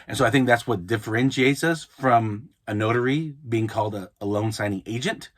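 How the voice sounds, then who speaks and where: A man's voice: mid-range voice, brisk, hardly any pauses. A man hosting an advice podcast, talking casually and often restarting his sentences. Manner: conversational, frequent restarts and repeated words. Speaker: podcast host, mobile notary. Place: Utah, United States.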